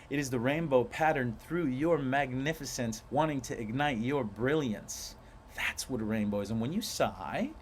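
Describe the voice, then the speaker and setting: A man teaching a guided breathwork class in a playful, animated way, stretching out key words for emphasis. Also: medium pitch, slight background noise. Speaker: breathwork instructor.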